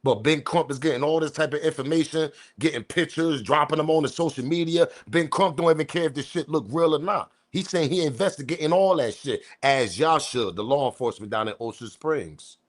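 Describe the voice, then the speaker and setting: A man's voice: a little high, fairly quick, few pauses. Emphatic profane male commentator. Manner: profane, emphatic, loud outbursts. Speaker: commentary channel host. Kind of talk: ranting news commentary.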